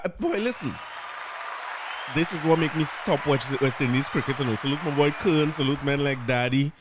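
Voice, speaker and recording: Chatty Trinidadian man hosting. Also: a little high. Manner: chatty, wry, laughs while reading out quotes. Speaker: podcast host. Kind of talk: casual commentary.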